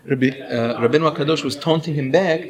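A man's voice: a little high, fast talker. A man teaching a class, explaining and asking his students questions as he goes. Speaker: Torah teacher. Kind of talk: classroom lecture on Hebrew pronunciation.

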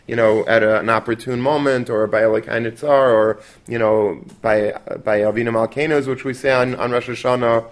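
A man teaching a Torah class in a conversational way, dropping Yiddish and Hebrew terms and restarting often. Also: medium pitch.

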